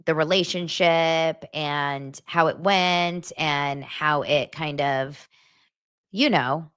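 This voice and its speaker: A woman's voice: deep voice, fairly even intonation, slow pace, a bit bright, clear, resonant tone. A woman hosting a celebrity gossip show, talking in a chatty, dramatic, rambling way. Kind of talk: casual celebrity gossip commentary.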